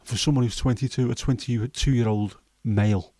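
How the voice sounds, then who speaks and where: A man in his fifties with a Scouse accent and a hoarse throat, hosting a casual chat livestream in a rambling, jokey way with many fillers. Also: mid-range voice, fairly even intonation, moderate pace, mellow, dry recording. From Liverpool, England. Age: 50s. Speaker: livestream host.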